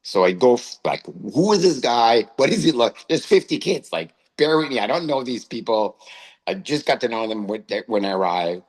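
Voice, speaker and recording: A man's voice: medium pitch, lively intonation, moderate pace, poor audio. A male co-host telling a personal story in casual chat, often tagging phrases with "right?". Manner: anecdotal, tags phrases with "right?".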